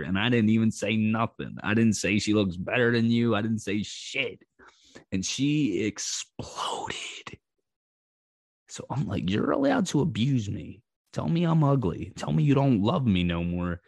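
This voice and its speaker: A man's voice: lowish voice, no room sound, studio quality. A man hosting a podcast, telling a personal story in a blunt, profane way, laughing often and acting out what was said. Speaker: podcast host.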